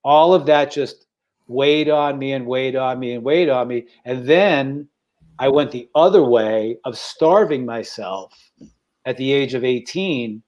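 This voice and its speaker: A man in his sixties, originally from Staten Island, telling a personal story on a podcast over a video call, halting and repeating words with feeling. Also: medium pitch, a little mellow, lo-fi sound. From Staten Island, New York. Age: 60s. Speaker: podcast co-host.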